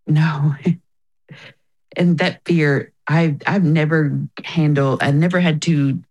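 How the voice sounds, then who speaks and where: A woman's voice: low-pitched, steady tone, takes it slowly, darkish tone, rough recording. A woman talking as an interview guest, telling her personal story in an earnest, reflective way and often quoting herself and others.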